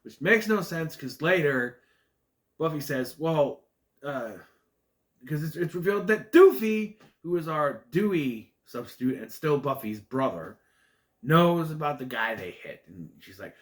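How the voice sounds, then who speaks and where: A man casually reviewing a comedy movie on his own, animated and laughing at the jokes, jumping into high voices to mimic lines. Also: moderate pace.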